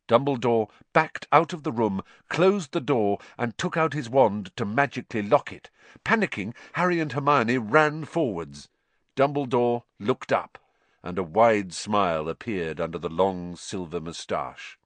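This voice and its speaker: A man reading an audiobook aloud, expressive and acting out each character. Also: lowish voice, moderate pace, no echo. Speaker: audiobook narrator.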